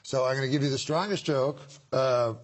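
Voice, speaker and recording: A man hosting a talk show, teasing his guests and setting up jokes with deadpan delivery and giggles. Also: medium pitch, brisk. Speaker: host. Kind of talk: casual talk show banter.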